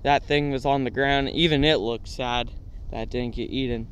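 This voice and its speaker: A man telling funny childhood stories in a casual, lively way, often checking in with "right?" and "all right?". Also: medium pitch, normal speed, a little hiss or hum. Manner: lively anecdotes with frequent "all right?" and "right?" tags. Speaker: storytelling channel host. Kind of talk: casual storytelling.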